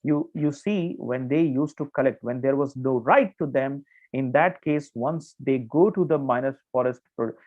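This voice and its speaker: A man's voice: mid-range voice, moderate pace, few pauses, darkish tone. Tinny-sounding Indian English male teacher. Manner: explains with many restarts and fillers, checks in with "okay". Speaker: exam coaching teacher. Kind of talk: online current affairs lecture. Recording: tinny phone-like audio.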